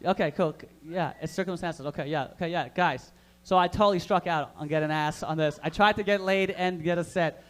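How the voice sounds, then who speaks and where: High-pitched guy doing crude stand-up at an open mic, loud, riffing with the crowd. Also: a little fast, hardly any pauses. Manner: loud, hyped, banters with the audience. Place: live comedy room in a vapor lounge.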